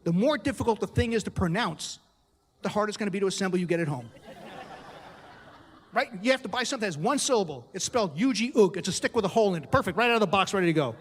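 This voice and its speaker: This middle-aged man from the United States performs stand-up on a club stage, his high voice animated and husky. The delivery is punchy, sprinkled with quick asides to the crowd, and the audio has a big-room sound.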